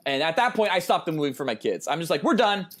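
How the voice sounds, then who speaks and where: A man's voice: on the high side, big pitch swings, very fast, fairly bright tone. A man in his thirties co-hosting a casual podcast, telling a long story in a rambling way with lots of ums and uhs. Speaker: podcast co-host.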